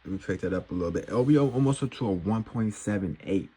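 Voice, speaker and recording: Speaking fast with few pauses, this forex vlogger has a lowish, dark, animated voice. In a casual screen recording he talks through his trades step by step, covering risk and reward with plenty of slang and hype.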